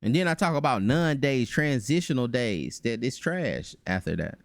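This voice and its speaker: A man hosting a reaction commentary, animated and mocking, breaking into voices to make his points. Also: medium pitch, moderate pace, no room sound, studio quality. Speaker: channel host.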